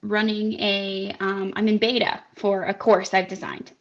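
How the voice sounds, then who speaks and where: A woman life coach is a guest on a talk show, speaking thoughtfully over a video call. Her voice has a gravelly fry, and the audio is dull and muffled. She checks in often with "right?". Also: medium pitch, flat delivery, unhurried. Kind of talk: interview conversation.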